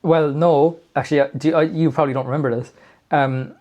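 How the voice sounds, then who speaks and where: A man's voice: a little high, steady tone, a little fast, darkish tone, highs cut off. A man in his thirties co-hosting a comedy podcast, rambling with lots of fillers and self-mocking jokes. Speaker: podcast co-host. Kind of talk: casual comedic banter.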